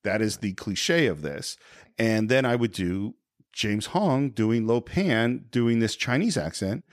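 Reflective man with a lively voice. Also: fairly low pitch, slow, dry recording, studio quality. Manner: reflective, thinks aloud with restarts. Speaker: podcast co-host. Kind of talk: casual film-podcast chat.

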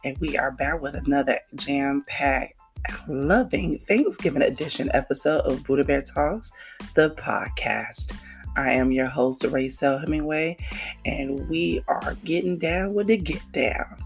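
A podcast host from New with a gravelly, croaky voice that sits at a middle pitch. The talk is a casual, hyped monologue packed with slang and quick shout-outs. Faint music plays underneath. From New York City. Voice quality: croaky, frog-like voice.

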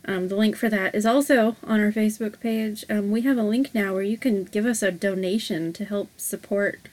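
Woman podcast co-host, mid pitch, loose rambling delivery full of hesitant fillers. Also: fairly even intonation, moderate pace, a little mellow. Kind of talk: casual podcast chat.

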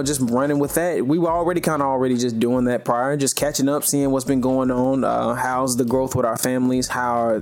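A man's voice: medium pitch, darkish tone. A young man hosting a podcast, chatting casually and rambling with plenty of "you know" fillers. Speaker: podcast host. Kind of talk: casual chat.

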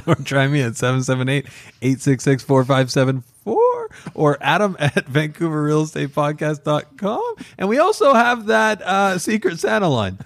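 Man, joking co-host, animated pitch, dry sound. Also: normal speed, vocal fry, dry recording. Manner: joking, playful, expressive intonation. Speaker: podcast co-host. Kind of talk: casual chat.

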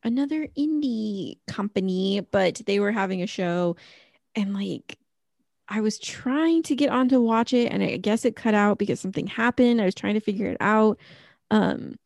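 A woman's voice: medium pitch, unhurried, gravelly, darkish tone, no room sound, clean studio sound. A middle-aged woman co-hosting a podcast, chatting casually and rambling with lots of fillers. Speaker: podcast co-host. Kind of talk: casual chat.

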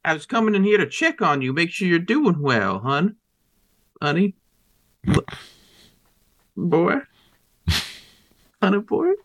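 Brief: man voicing a desperate pioneer father, folksy, coaxing, bright and animated. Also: on the high side, slow, long pauses, full character voice. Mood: pleading. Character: frontier father pleading with his armed young son.

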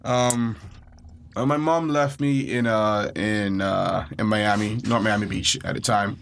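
A man from the Bahamas telling a story on a podcast, full of life and quick to leap into high, frantic yelps when he replays his own panic. A faint hiss of noise sits under his voice. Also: fairly even intonation, vocal fry, a bit bright. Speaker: podcast co-host. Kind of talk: casual storytelling.

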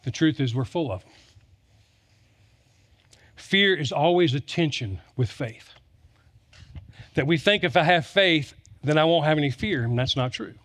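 Male pastor, drawl, slightly high voice, emphatic storytelling sermon. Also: expressive, unhurried, pauses often, fairly bright tone. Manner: storytelling with humor, emphatic repetition.

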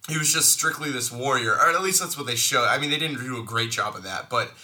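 Male co-host, bright sharp tone, animated film chat. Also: medium pitch, quick pace. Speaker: podcast co-host. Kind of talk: casual movie review chat.

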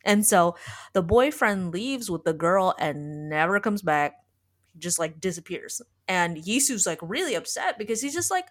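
Woman, podcast host, casual rambling chat, lowish voice, lots of "like". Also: very animated, normal speed, a bit bright. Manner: rambling, heavy use of filler "like". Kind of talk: casual chat retelling a story.

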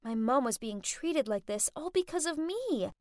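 A woman's voice: sits high, lively intonation, normal speed, darkish tone, no echo, studio quality. A woman narrating a first-person story in a dramatic, gushing way.

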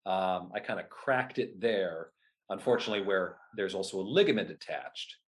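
Male guest, 30s, lower-pitched and lively, telling anecdotes in conversation. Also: moderate pace, a little hiss or hum. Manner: animated, acts out his own past remarks. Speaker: guest, whip performer at renaissance fairs. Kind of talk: casual interview storytelling.

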